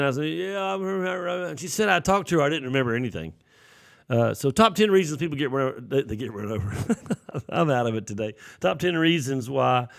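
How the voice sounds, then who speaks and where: A man preaching a sermon, telling folksy stories and acting out the voices in them. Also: medium pitch. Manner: folksy storytelling with acted-out voices.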